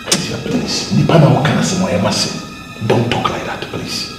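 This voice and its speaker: A man's voice: mid-range voice, animated, moderate pace, lightly acted. An actor, playing a man who keeps pleading. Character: pleading, desperate adult man. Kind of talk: film dialogue. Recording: distant, very echoey room with music.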